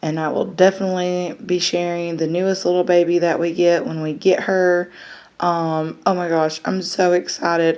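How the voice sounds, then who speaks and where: A woman's voice: on the low side, normal speed, lo-fi sound. A woman chatting casually to the camera, with plenty of fillers. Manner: chatty, many fillers, excited baby talk to pets. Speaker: vlogger.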